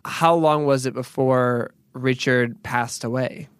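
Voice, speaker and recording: An interviewer offering brief, affirming responses and asking gentle questions. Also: medium pitch, steady tone, slow, clear, resonant tone, no echo, studio quality.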